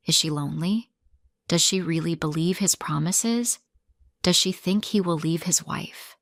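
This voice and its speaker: A woman narrating a first-person story in slow, simple sentences for English learners, with a sorrowful telling. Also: fairly low pitch, fairly even intonation, no room sound, studio quality.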